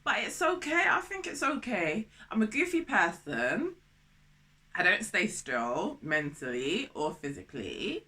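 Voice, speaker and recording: A woman in her thirties vlogging casually to camera, excitable and goofy, jumping between topics and laughing often. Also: low voice. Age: 30s.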